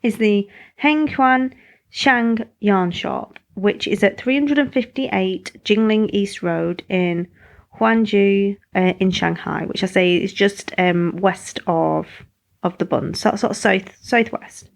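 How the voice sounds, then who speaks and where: A woman in her thirties talks casually on her podcast, rambling along and poking fun at herself. Her voice sits at an ordinary middle pitch with a gravelly rasp in it. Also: takes it slowly. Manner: chatty, rambling, self-deprecating. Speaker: podcast host.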